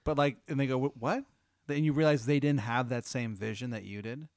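A man improvising an absurd comedic scenario, rambling and halting with lots of restarts. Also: medium pitch, fairly even intonation, a little mellow, a little hiss or hum. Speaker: host telling a hypothetical.

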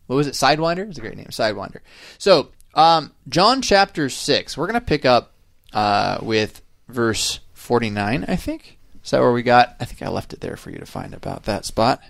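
A man with a mid-range, creaky, slightly bright voice and wide pitch swings talks at a normal speed, hosting a podcast where he explains a Bible passage casually, with lots of fillers and tag questions like "right?". The studio-quality recording has no room sound.

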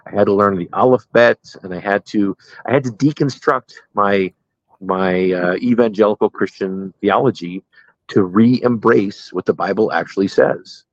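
Lively middle-aged pastor telling stories. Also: male voice, lowish voice, moderate pace, no echo, muffled recording. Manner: animated storyteller, laughs at own jokes. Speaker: pastor, interview guest. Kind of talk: casual storytelling interview.

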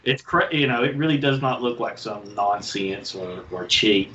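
A man's voice: on the low side, expressive, moderate pace, sharp tone, muffled recording, slight background noise. A man with a Southern US accent, a guest on a movie podcast, rambling and searching for words as he talks. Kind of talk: casual movie chat.

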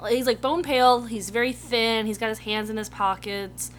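A woman's voice: on the high side, fairly even intonation, moderate pace, slight background noise. A woman who was a player in the campaign, co-hosting a podcast in casual chat and recapping events in a matter-of-fact, wry way.

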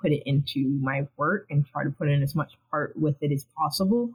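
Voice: medium pitch, a little fast, breathy edge, rough recording. A TV animation writer talking casually in a podcast interview, rambling and acting out their own thoughts as quotes.

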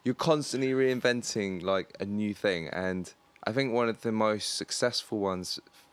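Low-voiced easygoing male host. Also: unhurried, smooth. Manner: easygoing, friendly questions, filler-heavy. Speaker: podcast host. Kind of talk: casual conversation.

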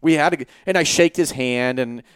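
A man on a podcast telling a story in casual chat, animated and profane, acting out the other voices. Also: mid-range voice, fairly quick, smooth, no echo.

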